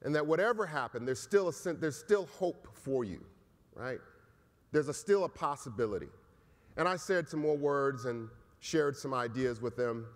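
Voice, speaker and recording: A man's voice: mid-range voice, animated, moderate pace. A man who is a college professor, giving a storytelling keynote speech in a conversational way and often tagging lines with "right?". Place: large conference hall. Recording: echoey hall.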